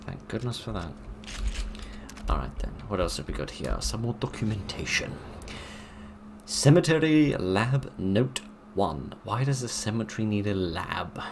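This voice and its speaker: A man's voice: on the low side, animated, moderate pace, creaky, background noise. A man giving dry, sarcastic let's play commentary while he plays a horror game. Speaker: gaming video narrator.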